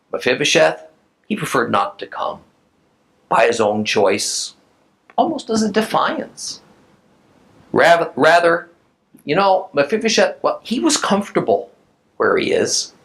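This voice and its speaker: A male Bible teacher lectures in an emphatic, animated way and reads passages aloud to his class. His voice sits a little high and rises and falls widely as he stresses his points. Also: low-quality recording.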